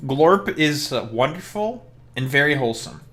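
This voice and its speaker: A man's voice: a little high, expressive, normal speed, fairly bright tone. A man streaming while he plays a game, chatting casually in joking, profane rants. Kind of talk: casual gameplay chat.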